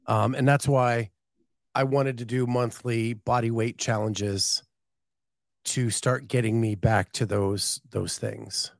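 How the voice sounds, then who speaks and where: A man's voice: medium pitch, steady tone, slow, gravelly, no room sound, clean studio sound. A man in his fifties co-hosting a casual podcast, talking in an easygoing, joking way. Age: 50s. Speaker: podcast co-host. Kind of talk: casual chat.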